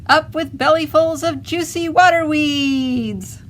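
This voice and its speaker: A woman voicing a cheerful herd of duck-billed dinosaurs chanting in happy, drawn-out hoots. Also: fairly low pitch, wildly swooping pitch, a little hiss or hum, heavily acted. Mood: delighted.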